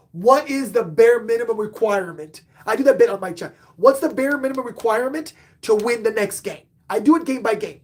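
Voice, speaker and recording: A man hosting a casual live-stream sports talk show, excitable, swinging between loud outbursts and muttered asides. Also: extremely high pitch. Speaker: podcast host and sports fan; bartender.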